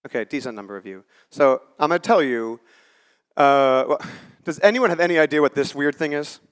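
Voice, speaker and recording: This conference speaker, a man in his forties, has a slightly high, clean voice with lively intonation and a little fast delivery. His talk before a live audience is conversational and built on stories, with quoted lines acted out.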